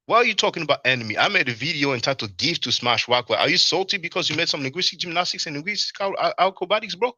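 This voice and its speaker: A man's voice: on the high side, expressive, fast talker, pushed and bright, dry recording. A man hosting a casual livestream, laughing often and reading chat comments aloud to answer them. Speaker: livestream host. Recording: dull, lo-fi stream audio.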